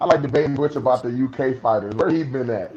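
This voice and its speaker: Slangy man over a loud crowd. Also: mid-range voice, quick pace, dull audio. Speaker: panelist on an online boxing chat. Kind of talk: casual group chat.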